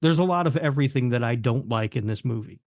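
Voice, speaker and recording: A man co-hosting a horror movie podcast, casual and blunt, flatly dismissive. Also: mid-range voice, fast, no echo, clean studio sound. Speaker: podcast co-host. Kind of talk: casual chat.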